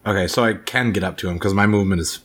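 A man's voice: low voice, very fast, fairly bright tone. A man playing in a tabletop game who works out his moves aloud, hesitating often and asking the table questions. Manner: hesitant, thinks aloud with many ums. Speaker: player. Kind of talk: casual tabletop game chat.

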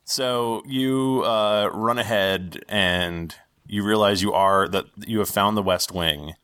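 A man's voice: lowish voice, slow, bright, forceful tone, smooth. A man narrating a tabletop game as dungeon master, with loose, rambling narration full of restarts and fillers.

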